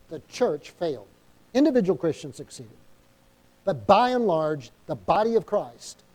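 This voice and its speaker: A man's voice: on the high side, darkish tone. A man preaching a sermon as pastor, emphatic and calling for amens, acting out little inner dialogues, with a New England accent. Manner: acts out quoted inner dialogue.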